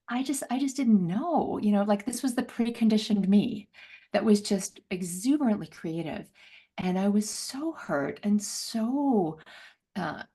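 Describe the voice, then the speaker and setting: A middle-aged woman telling a personal story as an interview guest, laughing often and acting out voices with big jumps in pitch. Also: mellow, breathy edge. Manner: laughs often, many fillers.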